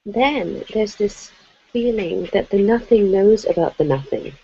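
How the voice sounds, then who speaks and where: A woman with a Jamaican accent sharing in a satsang, speaking in a slow, heartfelt, hesitant way. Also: mid-range voice, mellow, breathy edge, dry recording, highs cut off. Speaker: questioner.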